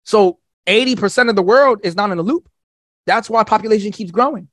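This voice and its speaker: A man as a podcast guest, rambling and swearing through an animated, casual talk. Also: high-pitched, brisk, dry recording, clean studio sound. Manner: profane, rambling, animated storytelling.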